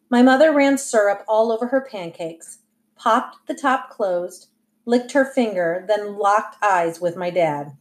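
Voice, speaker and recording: A woman reading a novel aloud as audiobook narration, telling it in a lively, wry way. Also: mid-range voice, measured pace. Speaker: audiobook reader.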